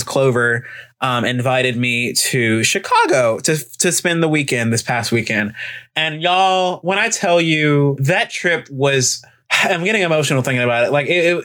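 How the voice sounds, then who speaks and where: A young man from Alabama, hosting a casual solo chat in a sassy, profane, animated storytelling manner. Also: medium pitch. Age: young adult.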